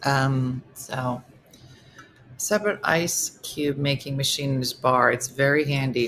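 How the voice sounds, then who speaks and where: Chatty low-voiced woman host. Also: measured pace, a bit bright, a little hiss or hum. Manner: chatty, reads viewer comments aloud. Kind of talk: casual livestream chat.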